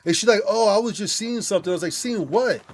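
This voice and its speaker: A man's voice: sits high, rapid-fire, a little hiss or hum. A young man casually telling a rambling, profane story while gaming, laughing often and restarting his sentences. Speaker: gamer streaming with friends.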